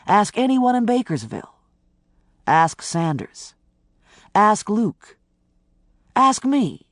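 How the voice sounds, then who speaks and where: A calm male federal agent, as an audiobook narrator plays him, talks slowly and evenly. His pitch rises and falls a lot. The sound is close and dry. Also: no room sound. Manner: level, measured, gently insistent. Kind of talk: audiobook character voice.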